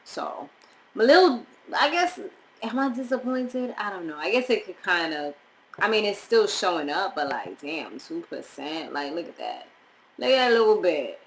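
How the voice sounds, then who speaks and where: A young woman from Montserrat chatting casually as a vlogger, rambling with animated asides. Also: mid-range voice, moderate pace, a little hiss or hum, poor audio. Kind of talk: casual chat reviewing DNA results.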